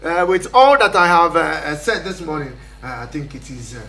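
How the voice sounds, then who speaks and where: A man hosting a sports phone-in radio show, brisk and polite with callers. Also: fairly high pitch, expressive, vocal fry, bright, forceful tone.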